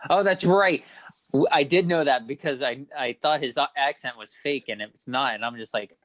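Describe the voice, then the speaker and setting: Dude rambling on a movie podcast, mid-pitch, dry close sound. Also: male voice, moderate pace, a bit bright, dry recording, low-quality recording. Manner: rambling, self-correcting, storytelling. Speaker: podcast co-host. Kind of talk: casual chat.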